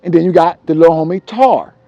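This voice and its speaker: A man telling street stories from his childhood in a casual, profane, animated way, repeating himself for emphasis. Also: fairly high pitch, quick pace, gravelly, no echo, muffled recording. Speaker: storyteller.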